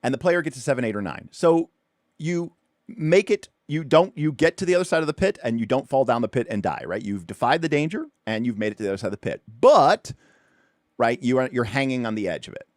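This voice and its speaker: A man's voice: medium pitch, expressive, fairly quick, dry recording, clean studio sound. A man hosting a tabletop game livestream, explaining rules in a loose, rambling way with lots of fillers and restarts. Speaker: tabletop RPG show host.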